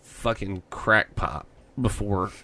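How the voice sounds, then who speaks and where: A man's voice: lowish voice, slow, bright, forceful tone, no echo. A man with a Southern US accent, co-hosting a podcast and telling a story in casual, profane chat. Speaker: podcast co-host.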